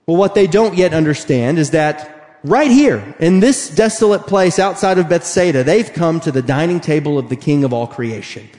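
A man preaching a sermon, animated and emphatic, acting out the voices he quotes. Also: a little high, normal speed. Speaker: pastor. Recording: long hall reverb.

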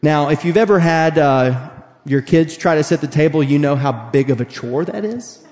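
A man preaching a sermon, animated and emphatic, acting out the voices he quotes. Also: on the high side, normal speed. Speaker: pastor. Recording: long hall reverb.

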